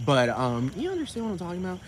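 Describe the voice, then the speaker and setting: A man ranting casually to camera as a vlogger, rambling and profane, often asking if you know what he's talking about, with his pitch shooting up when he gets riled. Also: huge pitch swings, quick pace, slight background noise, poor audio.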